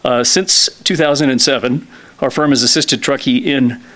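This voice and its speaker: A man in his fifties, a lobbyist giving a presentation to a town council, a little out of breath, often clearing his throat and pausing with fillers. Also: mid-range voice, steady tone, a bit bright. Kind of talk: formal presentation. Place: council chamber.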